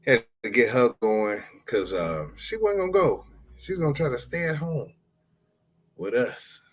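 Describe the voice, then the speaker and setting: A man's voice: medium pitch, sing-song, unhurried. A man hosting his own podcast, telling stories in a loose, playful, slangy way. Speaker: podcast host. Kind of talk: casual solo podcast monologue.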